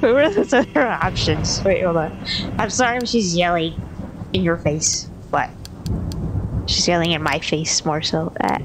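A woman's voice: fairly low pitch, unhurried, heavy background noise. A woman playing a video game and chatting casually, swearing, laughing and reading dialogue choices aloud. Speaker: gameplay streamer. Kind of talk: casual let's play commentary. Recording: game music behind voice.

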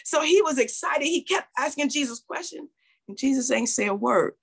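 A woman's voice: high voice, expressive, moderate pace, gravelly. A woman pastor preaching a sermon, acting out Bible figures in quoted voices and calling out to her congregation. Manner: preaching with call-and-response.

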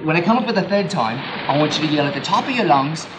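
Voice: medium pitch, expressive, fast, close to an everyday voice. A performer playing a wheedling, stammering hustler who keeps calling the listener "sir", on an amateur home tape. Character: wheedling street hustler who stages his own drowning. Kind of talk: amateur radio-play acting. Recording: hissy home tape recording.

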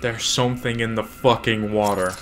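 A man's voice: lowish voice, steady tone, normal speed, a bit bright, slight background noise. A man giving profane, jumpy let's play commentary on a horror game, scolding the objects in it. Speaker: gamer.

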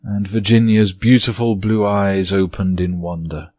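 Male narrator, audiobook, measured storytelling, low-ish voice, dry close recording. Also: little pitch movement, darkish tone, no echo. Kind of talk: scripted narration.

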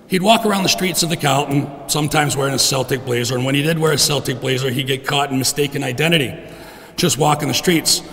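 A middle-aged man giving a heartfelt funeral eulogy for his father in a church, clearing his throat often. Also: mid-range voice, a little fast. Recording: long reverb in a church.

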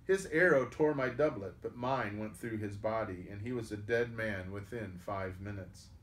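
A man reading a chapter of an adventure story aloud, lifting his voice for the characters' lines. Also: normal speed. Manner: lively, raises pitch and volume for characters' lines. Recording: echoey room.

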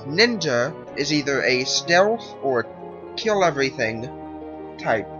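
A man's voice: medium pitch, big pitch swings, takes it slowly. A man hosting a let's play, giving casual, rambling commentary and correcting himself as he explains the game. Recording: lo-fi with game music behind.

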